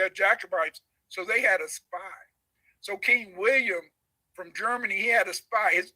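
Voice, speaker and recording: A man giving a preachy, emphatic livestream lecture who builds to shouts. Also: high-pitched, low-quality recording. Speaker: guest lecturer. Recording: background noise.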